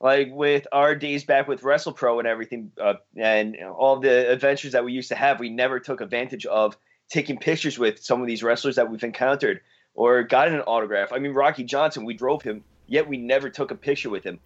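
A man's voice: mid-range voice, a little fast. A man co-hosting a podcast in casual chat, talking earnestly with small restarts. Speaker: podcast co-host. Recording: dull lo-fi sound.

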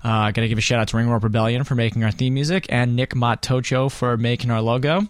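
A man's voice: mid-range voice, steady tone, fast talker, smooth, no room sound, studio quality. A man hosting a casual podcast chat, joking around and laughing often. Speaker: podcast host.

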